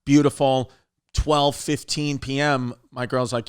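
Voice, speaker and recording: A man in his thirties co-hosting a comedy podcast, telling stories in an animated way and acting out what people said. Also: mid-range voice, normal speed, clean tone. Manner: animated storytelling, acting out quotes. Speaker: podcast co-host. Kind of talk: casual comedy podcast chat.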